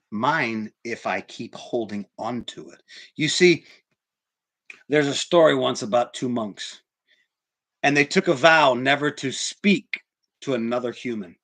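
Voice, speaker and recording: A man preaching a sermon in church, swinging from hushed, near-whispered lines to loud, emphatic ones. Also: medium pitch. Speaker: pastor.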